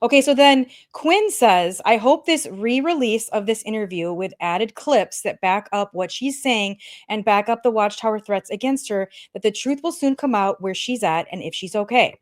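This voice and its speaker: A woman's voice: mid-range voice, lively intonation, normal speed, hardly any pauses. A woman co-hosting a casual podcast, reading comments aloud in a mocking voice and laughing often. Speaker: podcast co-host.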